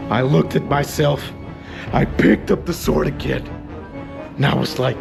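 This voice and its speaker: A man telling a comedic story about his school days, dramatic and exaggerated, sometimes bursting into shouts. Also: fairly high pitch, unhurried, creaky, pauses often, faint music behind. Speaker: storyteller and channel host.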